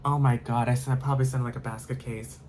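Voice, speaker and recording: A man's voice: mid-range voice, level tone, quick pace, darkish tone, a little hiss or hum. A man telling a storytime vlog in a rambling way, full of fillers and repetition, with casual swearing. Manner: rambling, filler-heavy, repeats himself, swears. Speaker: vlogger.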